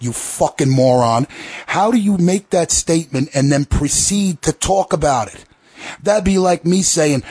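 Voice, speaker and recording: Husky man ranting on a podcast. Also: on the high side, measured pace, darkish tone, no echo. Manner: profane, sarcastic, heated. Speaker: podcast host.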